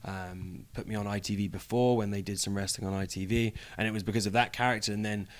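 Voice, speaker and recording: Young british guy, wrestler being interviewed, jokey and relaxed, lowish voice. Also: fast. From United Kingdom. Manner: playful, jokey, laughs easily. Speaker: professional wrestler, guest. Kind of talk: casual interview chat.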